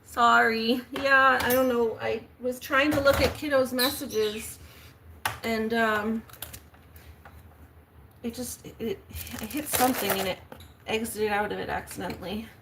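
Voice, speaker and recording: A woman live-streams from her house and chats in a rambling, unhurried way while she packs. Her voice sits a little high. A clear layer of noise runs under the phone recording. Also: fairly even intonation. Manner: chatty, rambling, self-narrating; high baby talk to her cat. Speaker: vlogger streaming to viewers. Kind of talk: casual live-stream chat while packing. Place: indoors at home.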